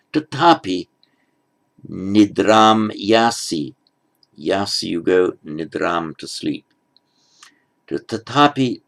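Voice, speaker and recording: A man teaching at a very unhurried pace, his low voice gravelly with fry. He goes through the text bit by bit, stressing each foreign word slowly and clearly before he explains it. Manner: slow, careful, stepwise explaining; pronounces foreign words slowly with emphasis. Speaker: Sanskrit teacher. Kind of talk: lecture.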